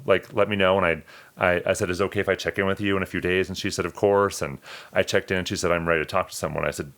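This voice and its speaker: Deep-voiced earnest male podcast host. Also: gravelly, a bit bright. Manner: earnest, emotional, many restarts. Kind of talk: personal storytelling in conversation.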